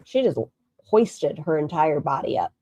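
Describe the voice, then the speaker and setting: Woman streamer, mocking commentary, swears a lot, low pitch, dead-dry sound. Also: lively intonation, unhurried, warm tone, no echo, highs cut off. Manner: snarky, mocking, swears freely. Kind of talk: reaction commentary.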